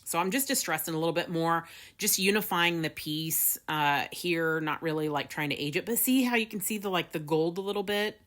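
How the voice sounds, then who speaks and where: Woman, craft tutorial host, low-ish voice, casual and rambling with fillers. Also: a little fast, a bit bright. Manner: chatty, laughs often, many fillers.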